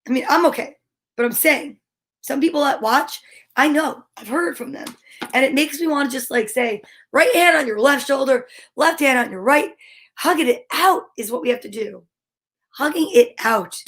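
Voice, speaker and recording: High-voiced bubbly woman hosting kids' story time. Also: gravelly, breathy edge. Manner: bubbly, animated, chatty. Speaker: host of a children's story-time show. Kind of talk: cheerful chat to kids at home.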